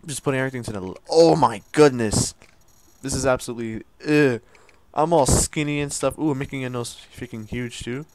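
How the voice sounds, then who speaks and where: A young man talks through a video game as he plays, half-mumbling and joking to himself. His voice sits at an ordinary middle pitch, in casual, unscripted gameplay commentary. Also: quick pace, dry recording. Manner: mumbling, joking running commentary while playing. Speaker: gaming YouTuber.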